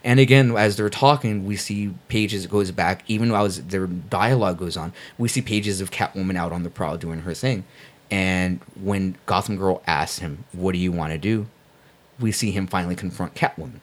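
Male podcast host, lowish voice, casual and profane comic book chat. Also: normal speed. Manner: laid-back, swears a lot, says dude.

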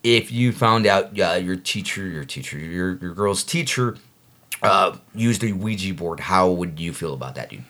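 A man's voice: low-pitched, expressive, moderate pace, a bit bright. Laid-back male podcast host. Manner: laid-back, says dude a lot. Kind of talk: casual podcast chat, reading news.

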